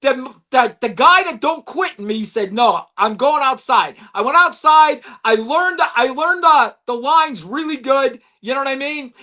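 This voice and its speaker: A man chatting about his acting auditions in an excitable way, laughing often and repeating his words. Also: very high voice, a little slow, hardly any pauses. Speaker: actor guest. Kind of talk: casual chat.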